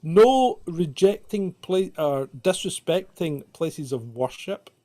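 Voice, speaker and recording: A man from the UK co-hosts a casual live stream in a slightly high voice. He talks in an exasperated, mocking way and laughs often. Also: expressive, slow, warm tone.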